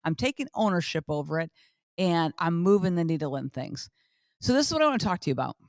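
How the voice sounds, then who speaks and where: A woman's voice: lowish voice, big pitch swings, fast, no echo, clean studio sound. A middle-aged woman hosting a motivational podcast, talking emphatically and repeating phrases for effect. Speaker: podcast host.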